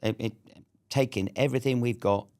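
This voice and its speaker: A man's voice: mid-range voice, fairly even intonation, fairly quick, darkish tone. A British man in his fifties telling a war story as an interview guest, blunt and swearing freely. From Britain.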